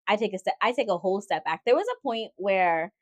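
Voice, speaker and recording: A woman co-hosting a podcast in casual chat, expressive, exclaiming and acting out her own reactions. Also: mid-range voice, fairly quick, no echo. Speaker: podcast co-host.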